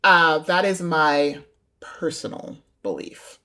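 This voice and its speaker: A woman with a notably low-pitched voice talks as a podcast guest. She lays out her opinions casually, speculating freely and chuckling along the way. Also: fairly even intonation, takes it slowly, sharp tone. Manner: opinionated, speculative, laughs while telling. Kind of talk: casual chat.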